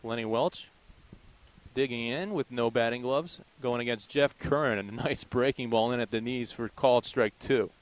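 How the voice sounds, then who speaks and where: A young man calling a college baseball game pitch by pitch in steady, descriptive play-by-play. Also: normal speed, rough recording. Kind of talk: live baseball play-by-play commentary.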